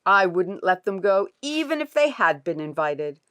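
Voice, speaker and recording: A woman's voice: medium pitch, sing-song, normal speed, bright, forceful tone, clean tone, voice pushed up. A woman voicing a proud Viking father who gossips smugly. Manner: smug, gossiping.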